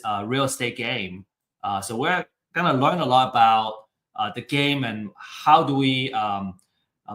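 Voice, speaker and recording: A man's voice: mid-range voice, a bit bright. A man giving a live real estate webinar presentation, talking hesitantly with many fillers. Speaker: webinar speaker. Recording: roomy echo.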